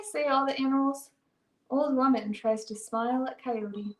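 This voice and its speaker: A woman reads a picture book aloud in a high, gentle voice. She takes her time over each line. Her voice carries a roomy echo. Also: fairly even intonation. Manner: gentle, deliberate storytelling. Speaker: librarian storyteller.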